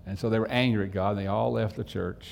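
A man's voice: lowish voice, steady tone, fast, gravelly, a little mellow, big-room sound, a little hiss or hum. A man preaching a sermon as pastor, telling a folksy story and asking the congregation direct questions.

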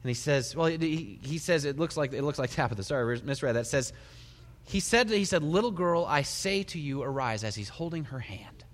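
In a large hall with a long reverb, a middle-aged male pastor preaches a little fast. He animates the story with widely swinging pitch and slips soft laughs between his lines.

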